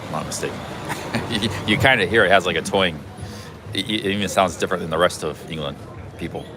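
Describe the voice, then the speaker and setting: This is a casual walking live stream from a busy city street, where a man with a low-pitched voice speaks fairly quickly. He rambles through his travel vlog with plenty of restarts, and background noise is audible.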